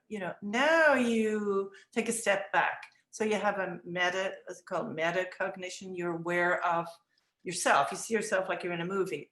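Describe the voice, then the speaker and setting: A middle-aged woman in an interview, reflecting on teaching children in a thoughtful way, often restarting her sentences and acting out gentle phrases she would say to a child. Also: mid-range voice, normal speed. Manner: acts out gentle words to children. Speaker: early childhood education director. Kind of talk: interview answers. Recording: roomy echo.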